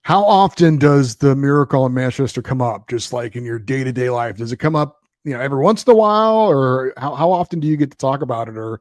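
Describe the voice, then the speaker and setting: A man's voice: mid-range voice, expressive, fairly quick, hardly any pauses, darkish tone, no room sound, studio quality. A man hosting a sports podcast, upbeat, closing with a scripted sign-off. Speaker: podcast host.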